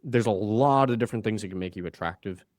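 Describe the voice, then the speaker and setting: A male communication coach on a podcast with a fairly low voice, talking emphatically and swinging his delivery up and down as he acts out quoted voices. He comes across as energetic and sure of himself, in a casual register. The sound is dry and close-miked. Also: fast talker, no room sound.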